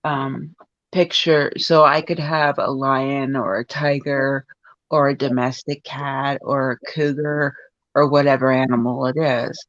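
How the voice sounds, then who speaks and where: Slow, low-voiced woman guest. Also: level tone, dry recording, muffled recording. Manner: halting, with many fillers and restarts. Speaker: podcast guest. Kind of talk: casual conversation.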